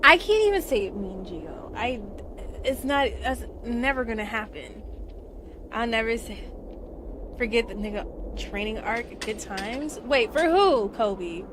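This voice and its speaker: A young woman streaming live, chatting casually and swinging from loud excited squeals to low mutters. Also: a little slow, background noise. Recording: game music playing behind.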